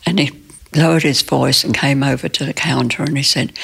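A woman in her nineties recounting a personal story in an interview, in plain, halting speech with restarts. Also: extremely low pitch, very animated, creaky, a bit bright, slightly rough. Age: 90s. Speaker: interview guest.

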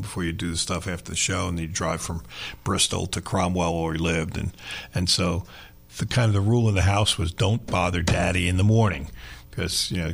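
A middle-aged man hosting sports talk radio, telling stories in an animated, self-deprecating way. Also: sits low, creaky, husky.

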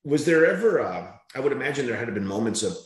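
A man hosting an interview, curious and expressive, who often stumbles as he starts a sentence. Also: mid-range voice, fast talker. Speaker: host. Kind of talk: casual interview chat. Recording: roomy echo.

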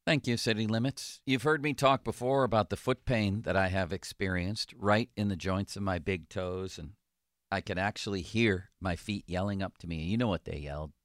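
A man hosting a sports radio talk show, chatting casually with jokes and reading ads in a relaxed, conversational way. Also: sits low, moderate pace, dry recording, studio quality.

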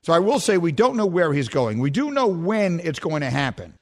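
Man, sports radio host, emphatic commentary, high voice, lively pitch swings. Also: fairly quick. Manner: emphatic, rhetorical questions, animated.

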